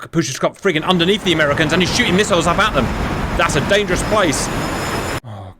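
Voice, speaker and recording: A man hosting and commentating a simulated air battle, talking straight to viewers, joking and cheering loudly as it unfolds. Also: fairly high pitch, a little hiss or hum. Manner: animated, jokey, talks to viewers, cheers loudly. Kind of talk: excited gaming commentary.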